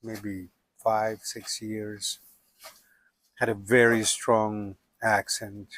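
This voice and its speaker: A man in his seventies from Russia, telling his life story in a musing, unhurried way. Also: on the low side, little pitch movement, fairly bright tone, dry recording. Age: 70s. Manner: unhurried, musing, with frequent "you know" and "like". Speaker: documentary subject. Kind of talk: reflective personal storytelling.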